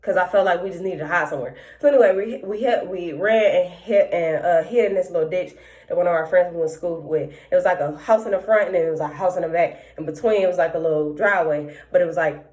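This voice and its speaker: A young woman hosting a podcast, telling a long story in a rambling, profane, animated way with heavy slang. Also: fairly low pitch, fast. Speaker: podcast host. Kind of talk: casual storytelling monologue.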